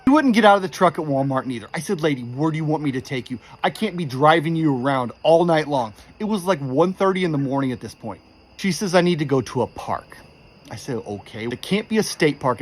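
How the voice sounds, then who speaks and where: A man telling a creepy true story in a casual, animated way, quoting the people in it with exasperation. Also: fairly high pitch. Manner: animated, exasperated retelling with quoted dialogue.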